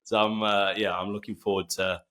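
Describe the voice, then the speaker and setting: A man hosting a podcast, speaking slowly and in a monotone in a casual interview. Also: lowish voice. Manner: slow and monotone. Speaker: podcast host.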